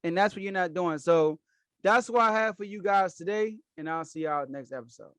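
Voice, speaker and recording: A man's voice: high voice, normal speed, a bit bright, clear, resonant tone, no echo. A man hosting a solo sports podcast, giving emphatic opinion commentary and repeating his key phrases for weight.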